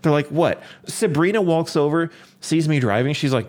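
Excitable, cursing man talking games. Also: fairly high pitch, moderate pace. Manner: excitable, swears freely, voice jumps when worked up. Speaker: podcast co-host. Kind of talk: casual gaming chat.

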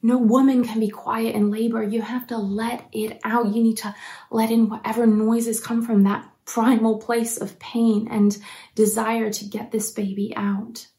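A woman preaching a sermon in an earnest, encouraging way, at times dropping to a soft near-whisper. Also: a little high, little pitch movement, a little slow.

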